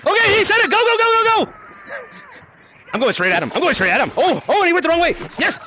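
A man live-streaming a VR game, shouting greetings and cheering his players on with lots of laughter, into a headset mic. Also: very high voice, wildly swooping pitch, quick pace, slight background noise. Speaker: gaming streamer. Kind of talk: excited live-stream chat while playing.

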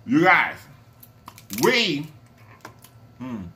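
A man hosting an eating vlog who gushes with thanks to his viewers, repeating words over and over between loud appreciative murmurs over his food. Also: fairly high pitch, wildly swooping pitch, drawn-out words. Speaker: mukbang channel host. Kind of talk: casual eating vlog chat.

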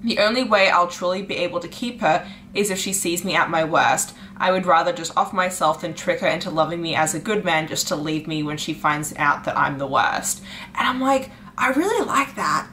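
A young woman vlogging about books she is reading, chatting casually and gushing, with "like" in nearly every phrase, swinging from hushed to excited. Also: on the low side, normal speed, a little hiss or hum. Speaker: book vlogger. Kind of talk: casual chat.

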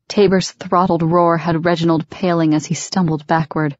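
A woman reading a romance novel as an audiobook in a steady, measured way. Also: fairly low pitch, no room sound, dull audio. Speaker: audiobook narrator. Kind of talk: scripted audiobook narration.

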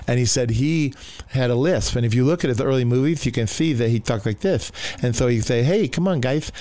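The mid-range voice, free of echo, belongs to a middle-aged pastor relating his testimony in a conversation. He tells it with animation, acting out how each person in the story spoke.

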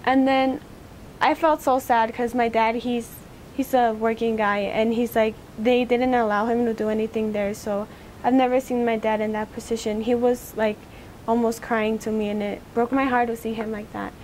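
Teenage girl, oral history interviewee, halting, flat delivery, slightly high voice. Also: slight background noise. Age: teens. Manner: halting, recounting a personal memory.

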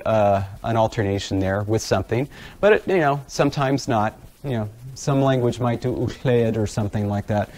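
This guest lecturer is a man whose mid-range voice has a slight mellowness. Presenting slides in an academic lecture, he takes a relaxed, self-mocking approach, and fillers crop up constantly.

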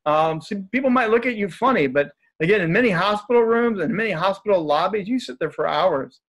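A man's voice: sits high, expressive, fairly quick, fairly bright tone. A man who is a guest speaker, telling stories in a casual, upbeat and joking way. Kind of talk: casual storytelling in conversation.

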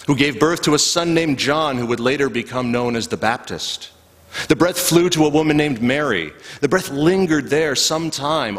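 Pastor preaching in a reverberant church. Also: male voice, mid-range voice, fairly bright tone. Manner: slow, rhythmic storytelling with long pauses. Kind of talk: sermon. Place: church sanctuary. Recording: live church recording with long reverb.

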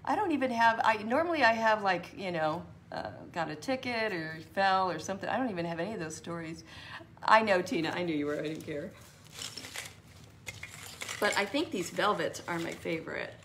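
A woman's voice: on the low side, animated, moderate pace, a bit bright, slight background noise. Chatty woman hosting a craft stream. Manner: chatty and rambling, answers viewer comments by name. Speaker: craft tutorial host.

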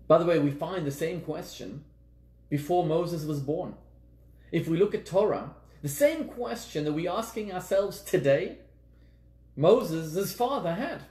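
Man, rabbi giving a lecture, earnest and emphatic, voice on the high side, recorded in a reverberant room. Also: lively intonation, unhurried, pauses often, darkish tone. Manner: earnest, repeats words for emphasis. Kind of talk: lecture on Jewish teachings. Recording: echoey room.

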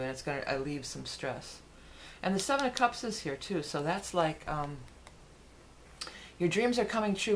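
A woman's voice: sits low, a little hiss or hum. A woman giving a casual, rambling tarot forecast, with frequent fillers and restarts. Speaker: tarot reader.

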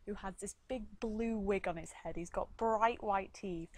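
A young woman giving quick, chatty movie reviews with a sarcastic edge and frequent laughs. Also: medium pitch, darkish tone, slight background noise. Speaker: film reviewer. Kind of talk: casual movie review vlog.

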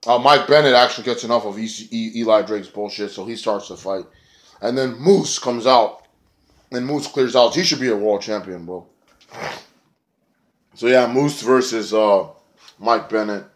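A man's voice: medium pitch, moderate pace, pauses often. A man feeling sick and snotty, giving a casual, profane, rambling review of a wrestling show, with lots of filler words. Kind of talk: casual spoken review vlog.

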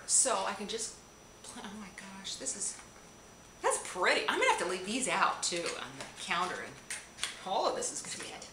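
Speaking a little slowly in a slightly high voice with big pitch swings and long pauses, this beauty vlogger opens a gift package on camera. She gushes and gasps at every item. The sound, from a camera on a tripod, is echoey with audible noise.

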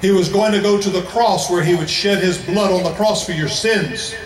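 A man with an American accent preaching an emphatic evangelistic sermon to a large crowd, slowing down to stress key phrases. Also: sits high. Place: large indoor event venue. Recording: echoey hall, voice from far off.

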